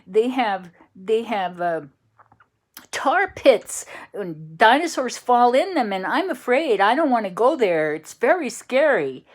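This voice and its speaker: A woman voicing a big, timid male T-Rex who frets in a high, squealing voice. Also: sing-song, slow pace, exaggerated voice. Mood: anxious. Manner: squealing, fretful.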